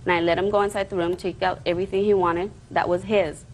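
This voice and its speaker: A woman's voice: lowish voice, flat delivery, quick pace, slight background noise, low-quality recording. A woman plaintiff giving courtroom testimony in an earnest, rambling way, defensive when challenged.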